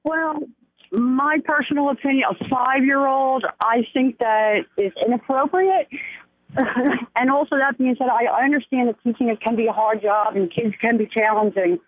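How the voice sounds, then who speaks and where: A woman's voice: on the high side, moderate pace, no room sound. Blunt woman caller on a phone line. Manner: opinionated and blunt. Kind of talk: casual phone-in talk.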